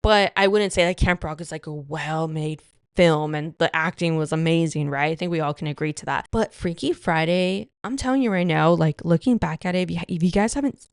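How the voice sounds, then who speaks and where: A woman's voice: low-pitched, brisk, clear, resonant tone, no echo, clean studio sound. A woman in her thirties hosting a casual solo podcast, chatty and gushing, with lots of "like" and "you know.". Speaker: podcast host.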